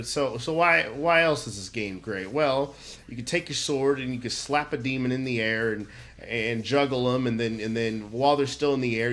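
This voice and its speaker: A man's voice: medium pitch, fairly bright tone. Man, comedic game ranter; profane, rambling, mock-indignant, exaggerated. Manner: stammering restarts, goofy exaggeration. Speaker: channel host. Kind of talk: comedic video game rant.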